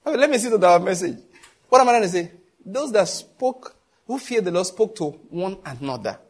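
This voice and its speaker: A man with a Nigerian accent preaching a sermon as a pastor, telling stories and acting out the people in them. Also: a little fast. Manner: animated storytelling, voicing others in a raised pitch.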